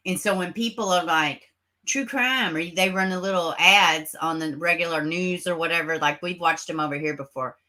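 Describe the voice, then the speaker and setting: A woman with a fairly low voice speaks at normal speed while hosting a casual livestream, reading out chat comments. Close to her camera at home and recorded on its mic, she's sarcastic and animated, swearing and laughing often.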